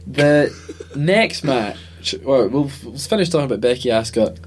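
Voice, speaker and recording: A man's voice: medium pitch, animated, normal speed, slight background noise. A man co-hosting a podcast in casual chat, teasing and playful. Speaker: podcast co-host.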